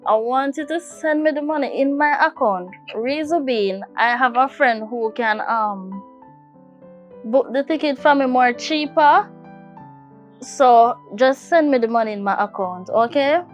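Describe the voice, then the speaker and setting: A woman's voice: high-pitched, unhurried, dull audio, soft background music. A woman with a Jamaican accent playing a scheming employee in a comedy skit, speaking playful patois and calling everyone boss.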